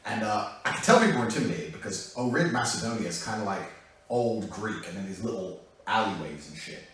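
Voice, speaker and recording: A man tells a rowdy anecdote with lots of swearing. His pitch leaps up and down as he goes. He sounds far from the mic, in a very echoey room. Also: brisk. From England. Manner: animated, profane storytelling that breaks into laughter. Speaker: guest telling a story. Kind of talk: casual anecdote.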